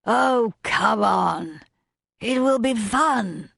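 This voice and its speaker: A woman voicing a drunken, lecherous young gentleman with a slurred, drawling delivery in an audiobook. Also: a little high, expressive, very slow, creaky, no room sound, studio quality, voice pushed up, exaggerated voice. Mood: leering.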